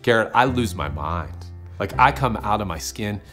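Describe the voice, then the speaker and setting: A man's voice: fairly low pitch, expressive, moderate pace, fairly bright tone, soft background music. A man telling a hunting story in an interview, talking conversationally, quoting himself and his friends and repeating words as he goes.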